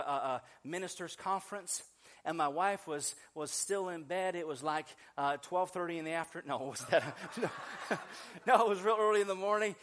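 A middle-aged man preaching a sermon, chatty and animated, telling stories with laughter and many restarts. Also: sits high. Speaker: pastor.

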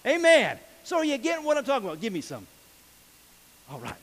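Male pastor with a high voice, folksy animated sermon delivery, recorded in a reverberant church hall. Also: fast. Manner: folksy, animated preaching with shouts and laughs.

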